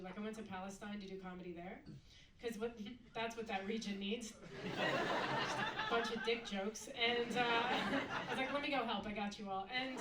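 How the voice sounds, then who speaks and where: A woman performing a stand-up comedy set on a club stage, mixing a deadpan delivery with sudden loud mock outbursts. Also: fairly high pitch, slight background noise. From United States. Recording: echoey club recorded from a distance.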